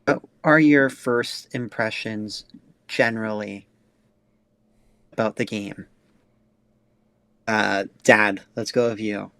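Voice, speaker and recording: A man's voice: fairly low pitch, steady tone, slow pace, vocal fry, pauses often, pushed and bright, dry recording. A young man hosting a casual podcast, asking loose questions with lots of fillers. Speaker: podcast host.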